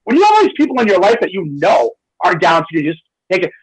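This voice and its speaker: A man's voice: high voice, fast talker, breathy edge, rough recording. A man hosting a talk radio show, talking with passion and acting out the people he quotes. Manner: animated, acts out quoted voices. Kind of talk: impassioned talk radio monologue.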